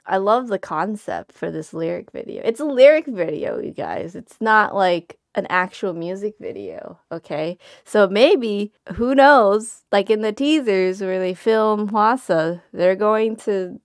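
A woman's voice: mid-range voice, lively intonation, measured pace, hardly any pauses, dry recording, clean studio sound. A woman hosting a music reaction video, talking casually with frequent exclamations and slang.

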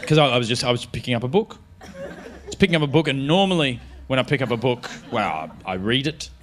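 A man in his thirties doing a stand-up comedy routine on stage, telling an animated, self-mocking story with lots of restarts. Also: medium pitch, fast talker, a little hiss or hum. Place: comedy venue stage before a live audience.

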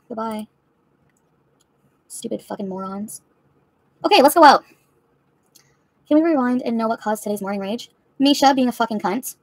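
Woman streamer going off at chat, swearing a lot, talks real fast, dry close sound. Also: a little high, gravelly, no room sound. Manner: profane, heated, confrontational. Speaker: livestreamer answering chat. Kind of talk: angry livestream rant.

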